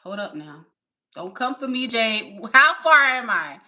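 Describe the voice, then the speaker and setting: A woman's voice: fairly high pitch, sing-song, unhurried, pushed and bright. A woman streaming live, chatting casually and rambling while she reads the chat and talks to her viewers. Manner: rambling, reading chat aloud, laughing often; talks to the audience as y'all.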